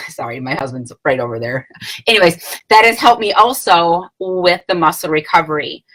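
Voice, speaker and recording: Chatty late-thirties woman, bright voice. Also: lowish voice, expressive, moderate pace, low-quality recording. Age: late 30s. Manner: rambling, chatty, many fillers and self-corrections; laughs between phrases. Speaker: vlogger sharing a product testimonial. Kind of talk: casual talk to camera.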